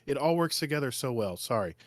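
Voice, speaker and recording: A man's voice: medium pitch, animated, fast talker, no room sound. A man guesting on a gaming podcast, enthusiastic and openly emotional in how he talks. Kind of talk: casual gaming podcast chat.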